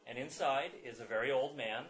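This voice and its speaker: A man running a tabletop game as game master, narrating in a halting way with many fillers and restarts. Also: medium pitch, fairly bright tone.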